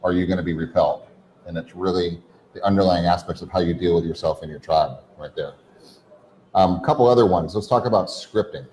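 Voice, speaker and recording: Low-voiced guy co-hosting a podcast, rattling off coaching points in long lists. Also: darkish tone, slight background noise, low-quality recording. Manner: coaching, rapid run-on lists. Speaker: podcast co-host. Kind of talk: casual chat.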